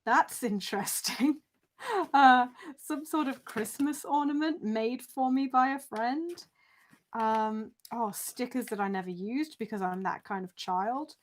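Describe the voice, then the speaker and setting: A woman's voice: on the high side, measured pace, a little hiss or hum. A young woman, chatting casually and rambling on a live stream, swearing and laughing often.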